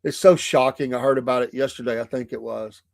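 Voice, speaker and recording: A man's voice: mid-range voice, steady tone, a little fast, gravelly, no echo, clean studio sound. Folksy Southern man hosting a morning show. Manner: folksy, laughs often between remarks. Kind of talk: casual chat.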